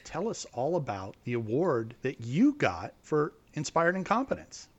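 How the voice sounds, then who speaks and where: A man's voice: on the high side, big pitch swings, unhurried, lo-fi sound. A man co-hosting a podcast, enthusiastic as he leads into a question for the guest. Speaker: podcast co-host. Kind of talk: casual podcast interview.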